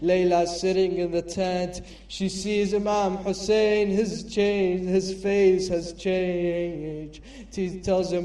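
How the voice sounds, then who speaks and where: A man's voice: sits high, little pitch movement, takes it slowly, mellow. A man narrating a mournful story in chanted mourning recitation, drifting between speech and song. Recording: echoey hall from far off, faint music.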